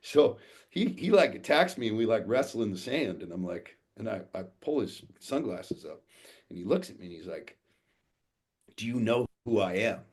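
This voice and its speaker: Low raspy male coach, swears freely, tells it straight. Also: moderate pace. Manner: blunt, profane, animated storyteller. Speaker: guest, fathers' coach. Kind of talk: casual podcast storytelling.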